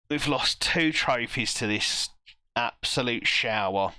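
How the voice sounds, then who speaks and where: A man streaming a football management game, reacting live with self-mocking groans and quick asides to chat. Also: medium pitch, lively intonation, bright, forceful tone, clear, resonant tone, dry recording.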